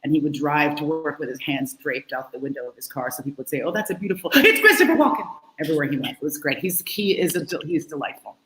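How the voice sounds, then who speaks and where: A woman's voice: low voice, fairly even intonation, quick pace, few pauses, reverberant, slight background noise, poor audio. A woman, host of an improv show, chatting playfully on a video call in a rambling, self-mocking way. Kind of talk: casual video-call chat.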